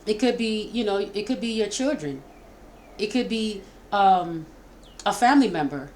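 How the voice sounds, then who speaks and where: A woman's voice: medium pitch, animated, moderate pace. Middle-aged woman as tarot reader, casual and stumbling, a little noise behind her. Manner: warm, repetitive, stumbling, emotional. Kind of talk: casual spoken tarot reading.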